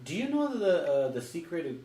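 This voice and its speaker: A man's voice: sits high, sing-song, brisk, mellow. A man hosting a podcast, teasing his guest with joking questions in casual chat. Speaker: podcast host. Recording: echoey room.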